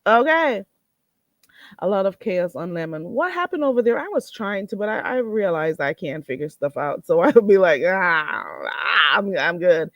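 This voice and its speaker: A woman's voice: medium pitch, big pitch swings, normal speed, dry recording, lo-fi sound. A woman hosting a casual livestream, talking bluntly and swearing freely, reading and answering her chat. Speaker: livestream host.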